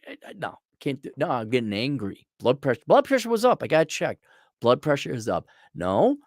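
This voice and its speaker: A man's voice: a little high, no echo, studio quality. A middle-aged man and consultant delivers a blunt, profane, exasperated rant to camera. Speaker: consultant and vlogger.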